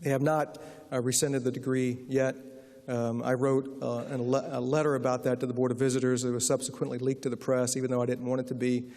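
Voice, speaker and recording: A man's voice: mid-range voice, level tone, a little fast, dark tone. A man giving a lecture as an author, telling wry anecdotes to an audience and answering questions. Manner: wry, anecdotal, acts out quoted voices. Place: large lecture hall. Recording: reverberant hall.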